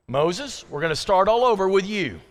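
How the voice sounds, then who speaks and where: A man preaching a sermon as pastor, reading scripture dramatically, swinging between loud pleading and hushed emphasis. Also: high-pitched, expressive, normal speed, long reverb tail.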